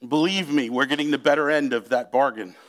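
Speaking at medium pitch with a slightly bright tone, a male pastor works through his sermon at a slow, emphatic pace. Key words get drawn out, and he talks straight to the congregation.

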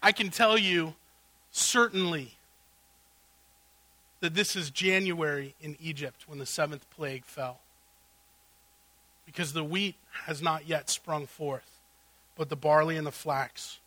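A man preaching a sermon as pastor, swinging between loud exclamations and hushed asides. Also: a little high, fairly even intonation, a little slow, pauses often, dry recording.

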